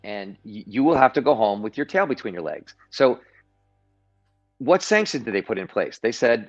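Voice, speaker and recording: Male livestream guest, mid pitch, animated storyteller with frequent restarts, dull lo-fi audio with faint music. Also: fairly quick. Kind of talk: political commentary on a livestream. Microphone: video call.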